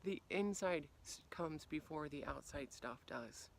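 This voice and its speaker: A woman life coach speaks to camera outdoors on a freezing day. She talks with animated energy and plays out little scenes with sudden leaps in pitch and loudness. On her reflective points she turns soft and quiet. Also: unhurried, gravelly, a little hiss or hum. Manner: animated, acts out quoted reactions with big swings in pitch and volume. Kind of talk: motivational talk to camera.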